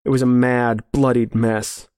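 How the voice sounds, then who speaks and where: A man narrating a grim story in a measured, serious way. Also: medium pitch, flat delivery, darkish tone, clean tone, no echo, clean studio sound. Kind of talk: scripted horror story narration.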